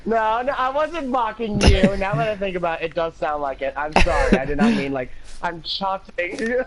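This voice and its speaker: A man's voice: sits high, a little fast, a loud crowd, poor audio. An American man hosting a gaming livestream, rambling in casual chat, laughing often and cursing freely. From United States. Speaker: livestream host.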